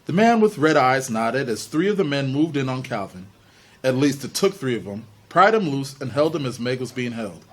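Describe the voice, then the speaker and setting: A man reading a novel aloud for an online book club, steady and with small slips. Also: mid-range voice, moderate pace.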